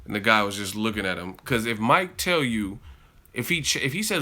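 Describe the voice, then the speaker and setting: A man hosting a boxing live stream, telling stories in a loose, profane, animated way and reading out donations. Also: on the low side, fairly quick. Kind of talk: casual livestream chat.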